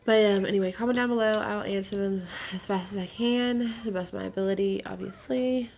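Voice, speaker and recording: A young woman vlogging after a bad day, hoarse from crying, talking in a subdued, halting way with many fillers. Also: mid-range voice, fairly even intonation, darkish tone, slight background noise. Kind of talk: casual vlog.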